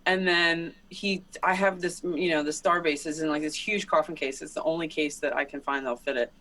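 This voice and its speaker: A man's voice: a little high, fairly even intonation, a little fast, bright, forceful tone, low-quality recording. A man, a guest musician, chatting casually on a podcast and telling stories with lots of fillers and laughs. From Netherlands-born, raised in Delaware. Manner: laughs often, loose storytelling with many fillers.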